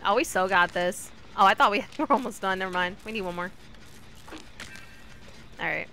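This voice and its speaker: A woman streamer giving casual commentary while she plays, chatty and talking to her teammates and the killer, with sudden excited yelps. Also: mid-range voice, moderate pace, slight background noise. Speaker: gaming streamer.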